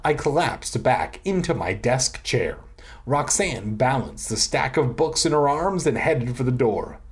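Brief: young male host, comedic spooky read-aloud, lively swooping delivery, crude asides. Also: mid-range voice, a little slow. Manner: sardonic, profane ad-libs. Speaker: host reading children's horror books aloud.

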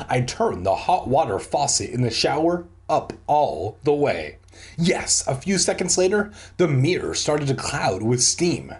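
A man's voice: a little high, sing-song, a little slow, husky. A man from San Diego reading a book aloud for comedy, breaking off into rambling, joking asides. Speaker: reader and comedian.

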